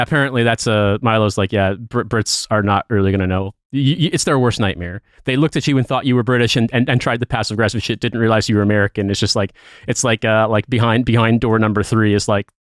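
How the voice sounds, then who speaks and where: A man telling a profane, animated story as a podcast co-host in casual chat. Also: fairly low pitch, no room sound, studio quality.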